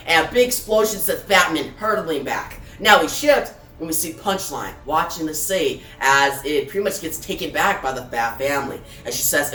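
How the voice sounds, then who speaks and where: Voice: medium pitch, animated, moderate pace, hardly any pauses, sharp tone. A reviewer casually retelling a comic book issue, adding fillers like "right?" and "guys". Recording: echoey room, far from mic, faint music.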